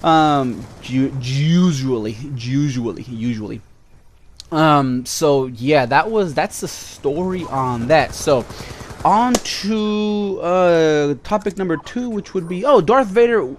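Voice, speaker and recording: A man tells stories to his viewers in a loose, flippant vlog style, rambling and drifting into asides. His speaking voice sits a little high for a man. A faint hiss lingers under the recording. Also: animated, slow. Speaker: vlogger. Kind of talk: casual storytelling to camera.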